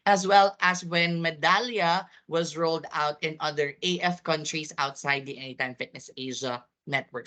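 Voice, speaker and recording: A woman running a live online staff training over a video call, upbeat and rising high when she questions her audience. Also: sharp tone. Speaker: corporate trainer.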